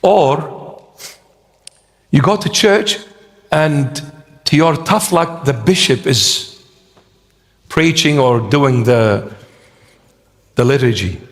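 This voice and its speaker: Slow, emphatic male preacher in a reverberant hall. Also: mid-range voice. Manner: slow, emphatic, rhetorical questions. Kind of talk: sermon.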